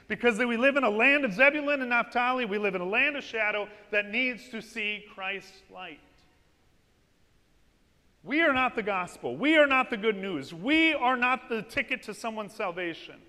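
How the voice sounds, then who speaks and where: A man preaching a sermon, telling stories with lively energy and asking his congregation "amen?". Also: very high-pitched, moderate pace. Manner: lively storytelling with call-and-response "amen?". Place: church. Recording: long reverb of a church hall.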